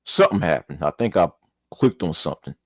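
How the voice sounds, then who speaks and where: Husky man reading news aloud. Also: deep voice, expressive, fairly quick, no echo. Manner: reads then comments, mild cursing, apologetic asides. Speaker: host reading news articles. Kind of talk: casual commentary while reading aloud.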